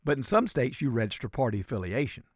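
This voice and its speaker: A man's voice: medium pitch, sing-song, fast, no room sound, clean studio sound. A man, filling in as a talk radio host and delivering fiery, indignant commentary.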